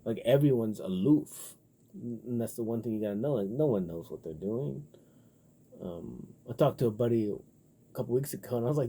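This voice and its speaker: A man talking in a loose, rambling casual monologue, profane and full of filler words, getting animated when riled up. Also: medium pitch, normal speed, creaky, breathy edge. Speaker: vlogger.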